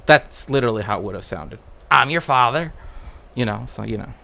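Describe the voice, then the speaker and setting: A man's voice: lowish voice, fast, creaky, fairly bright tone. A man hosting a casual stream, rambling through trivia with many fillers and restarts. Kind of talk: casual chat.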